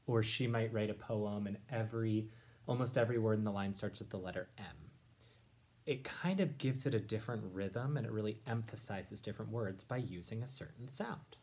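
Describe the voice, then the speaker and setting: A man teaching young listeners, reading a rhyming picture book aloud and explaining it in a gentle, encouraging way. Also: on the low side, a little fast. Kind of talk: read-aloud lesson.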